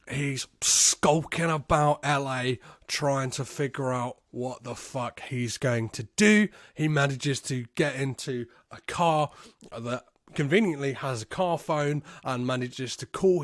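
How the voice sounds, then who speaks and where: A man hosting a podcast, recapping a movie casually, swearing freely and gleefully, and slipping into quick impressions of the characters. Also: mid-range voice, dry recording, studio quality. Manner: profane and gleeful, swears constantly. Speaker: podcast host.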